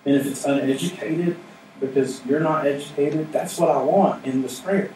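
A man's voice: a little high, normal speed, darkish tone. A man giving a casual, plain-spoken sermon as pastor, mixing humor with earnest appeals to his congregation. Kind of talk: conversational sermon. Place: church sanctuary with responding congregation. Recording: echoey room, mic at a distance, faint noise.

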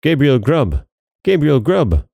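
A man's voice: mid-range voice, sing-song, slow, creaky, dark tone, slightly rough, dry recording, voice pushed up, exaggerated voice. A man voicing a wild chorus of unseen goblins chanting shrilly in a storybook reading.

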